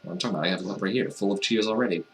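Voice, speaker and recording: A low-voiced man with a bright, forceful edge to his sound reads game text aloud. He keeps breaking off into wry, mocking asides, playing the dialogue for laughs. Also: very fast, a little hiss or hum. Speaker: let's player reading a visual novel aloud. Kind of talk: comedic reading with sarcastic asides.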